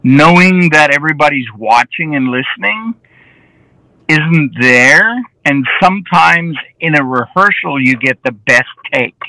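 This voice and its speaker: A man, a film director, talks through behind-the-scenes stories in a casual interview. His voice is raspy with a bright, forceful edge, and it sounds close and dry with no room around it. He tells his anecdotes with energy and slips into the voices of the people he quotes. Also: a little high, a little slow, no echo, poor audio. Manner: lively anecdotes, often acting out quoted dialogue.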